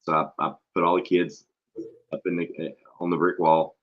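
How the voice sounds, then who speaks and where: This is a blunt man with a low, deep voice who swears freely and tells stories with animated energy. He is a schoolteacher chatting on a casual show. The recording sounds dull and lo-fi. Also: normal speed. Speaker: podcast host and school teacher. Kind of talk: casual profane chat.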